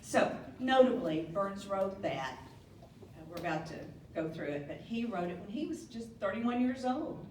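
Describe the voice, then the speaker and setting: A woman's voice: medium pitch, big pitch swings, normal speed, darkish tone, a little hiss or hum. A woman giving a playful, teasing toast at a supper, laughing at her own jokes. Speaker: toast speaker at a Burns supper. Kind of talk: humorous after-dinner toast. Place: banquet hall. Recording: echoey hall from far off.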